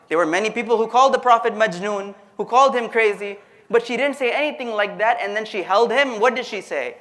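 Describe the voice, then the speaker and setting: A man's voice: very high-pitched, fast talker, few pauses, a bit bright. A man giving a conversational, storytelling religious lecture, speaking directly to his audience. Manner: conversational, addresses the audience directly, acts out quotes. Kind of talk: storytelling sermon.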